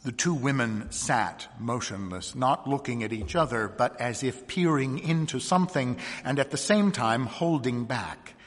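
Guy reading a story, calm and hushed, medium voice, long hall echo. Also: medium pitch, measured pace, few pauses. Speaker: narrator.

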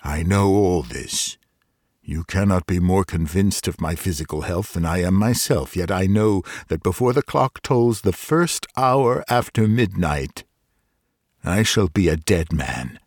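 A man voicing a doomed, pale stranger who speaks in a hollow, distant low murmur, calm and grave. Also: unhurried, no room sound, studio quality, full character voice. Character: doomed pale middle-aged man summoned by dead. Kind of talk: scripted narration of a Victorian ghost story.

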